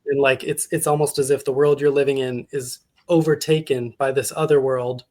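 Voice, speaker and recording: Guy in a book chat, medium voice, calm and reflective about what it means. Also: mid-range voice, normal speed. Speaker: guest reviewer. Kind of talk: casual book discussion.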